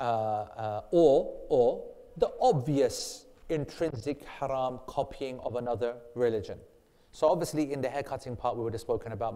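A man speaks in a dark, mid-range voice during an informal religious class on Islam, rambling as he jokes with and teases his students. The recording carries a long reverb from the hall.

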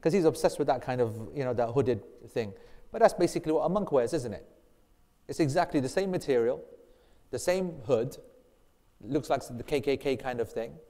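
A man's voice: mid-range voice, lively intonation, normal speed, mellow. Joking man in an echoey hall. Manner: joking, teasing, rambling with restarts. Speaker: Islamic teacher. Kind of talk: casual informal religious class. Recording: long reverb in a hall.

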